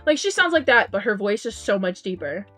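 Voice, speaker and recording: A woman's voice: mid-range voice, big pitch swings, a little fast, fairly bright tone. A woman streamer chatting casually with her viewers, reading out chat messages, giggling often and restarting her sentences with lots of ums. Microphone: headset mic. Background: faint game music.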